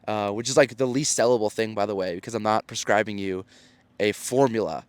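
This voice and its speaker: A man's voice: on the low side, fairly quick, smooth, dry recording. A man in his thirties hosting his own show in a casual solo monologue, earnest and encouraging, often restarting his sentences. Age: 30s. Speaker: podcast host and storytelling coach.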